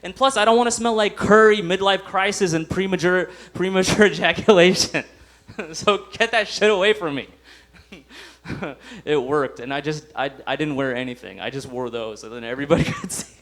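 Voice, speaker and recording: Young male stand-up comic, high voice, giggles at his own punchlines, acts out little scenes. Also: moderate pace, fairly bright tone. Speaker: stand-up comedian. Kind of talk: stand-up comedy set. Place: comedy club stage.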